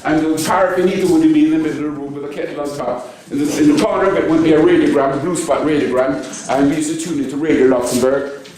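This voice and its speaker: A man's voice: on the high side, fairly even intonation, fast talker, crowd noise. A man in his seventies giving a joking, chatty talk to an audience as a photographer, often checking in with "yeah?". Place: large theatre space. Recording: echoey hall, mic far off.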